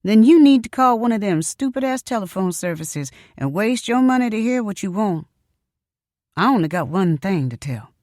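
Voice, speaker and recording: A woman reading an audiobook, voicing a blunt, folksy psychic who talks in a sharp-tongued way. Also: low voice, lively intonation, a little slow, no room sound, studio quality. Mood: scornful.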